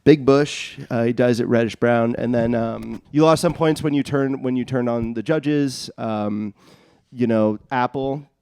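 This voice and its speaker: Man, deadpan roast, um-filled, smooth voice, dry sound. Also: mid-range voice, a little slow, dry recording. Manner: deadpan list of jokes, many ums. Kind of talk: comedic roast.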